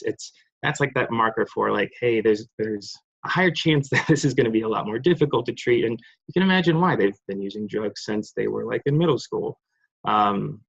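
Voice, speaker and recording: A man's voice: gravelly, slightly rough. A man giving an online clinical lecture over slides, rambling with many fillers, restarts and apologies. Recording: muffled, low-fidelity online session audio.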